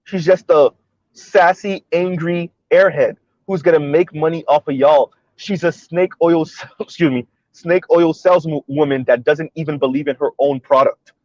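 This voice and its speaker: A man's voice: on the high side, steady tone, normal speed, darkish tone, no room sound, highs cut off. A man hosting a commentary monologue, pressing his points with repeated rhetorical questions. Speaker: commentary video host.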